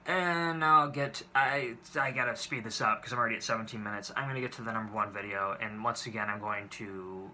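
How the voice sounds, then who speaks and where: A man's voice: medium pitch, pushed and bright, slight background noise. A man in his twenties telling date stories to camera in a casual, exasperated and profane way, rambling with restarts. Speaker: vlogger.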